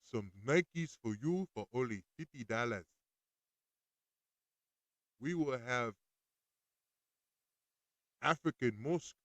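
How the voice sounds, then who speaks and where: A man putting on the voice of a boastful male African street vendor with a loud, bragging sales pitch. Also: no room sound.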